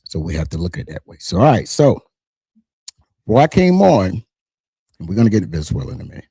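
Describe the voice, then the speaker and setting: A middle-aged American man hosting his own commentary channel, his husky voice swinging up and down with lively energy. He talks casually and emphatically, stumbling over restarts as he pushes his points. The sound is dry and close. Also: sits low, fast talker, no room sound. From United States. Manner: animated, emphatic, frequent restarts. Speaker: channel host.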